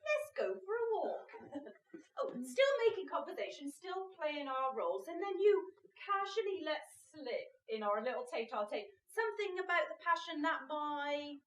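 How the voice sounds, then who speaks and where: A woman's voice: high voice, very animated, normal speed. A woman acting a maid who plays a coy grand lady, arch and teasing, in a stage comedy. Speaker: amateur stage actor. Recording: roomy stage sound from far off.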